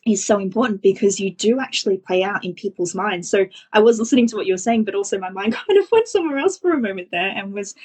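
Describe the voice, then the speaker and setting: A woman's voice: mid-range voice, expressive, fast talker, hardly any pauses, a little mellow, slightly rough. A woman hosting a podcast, talking enthusiastically and affirming her guest, with many fillers like "you know". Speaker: podcast host, business coach. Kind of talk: casual podcast conversation.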